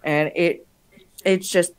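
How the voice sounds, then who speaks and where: A woman with a lowish voice chats casually on a live stream. She rambles and swears freely and laughs often. She is running on little sleep. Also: fairly even intonation, slow, smooth. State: sleep-deprived.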